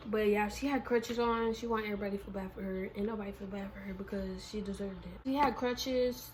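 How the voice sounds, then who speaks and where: A woman vlogger telling a casual storytime in a slangy, animated way. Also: mid-range voice, fairly quick, hardly any pauses, slight background noise, poor audio.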